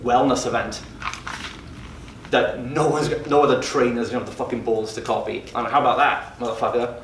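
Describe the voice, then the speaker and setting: A man's voice: medium pitch, slight background noise. Cocky guy swearing a lot, echoey room, mic kinda far off. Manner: brash, profane, fast-talking. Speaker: fitness business mentor. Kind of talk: mastermind group talk. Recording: roomy sound from a distant mic.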